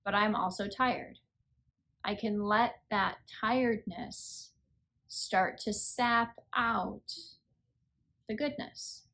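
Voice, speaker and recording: Tired woman sharing a gentle reflection. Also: mid-range voice, fairly even intonation, takes it slowly, vocal fry. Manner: earnest, conversational, self-deprecating. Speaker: podcast host. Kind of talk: reflective faith podcast talk.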